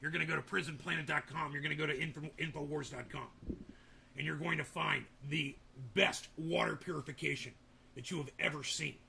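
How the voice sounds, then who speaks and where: Give me a brash, high-energy internet pitchman hard-selling water filters in a bright, gravelly voice, as a man puts him on. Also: fairly even intonation, brisk, slight background noise, heavily acted. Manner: booming hard-sell, boastful superlatives. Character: bombastic male online water-filter pitchman.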